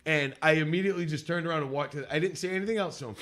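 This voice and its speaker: Male podcast co-host, slightly high voice, storyteller who laughs through his anecdotes. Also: racing, fairly bright tone. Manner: laughs often, acts out quotes in a raised voice. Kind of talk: casual storytelling chat.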